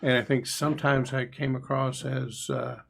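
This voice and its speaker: A man's voice: medium pitch, steady tone, normal speed, vocal fry, a bit bright. A man co-hosting a casual game review podcast, chatty and musing, often trailing into asides. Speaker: podcast co-host, player. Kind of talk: casual discussion.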